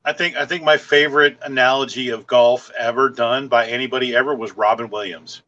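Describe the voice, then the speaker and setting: A man's voice: medium pitch, steady tone, a little fast, pushed and bright, highs cut off. A man hosting a podcast in casual chat, rambling and telling stories loosely. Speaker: podcast host.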